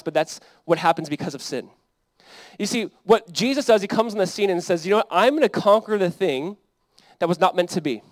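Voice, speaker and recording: In a high voice and a brisk delivery with no echo, a young man serving as a pastor delivers a sermon. He speaks earnestly and conversationally, rising to emphatic high points.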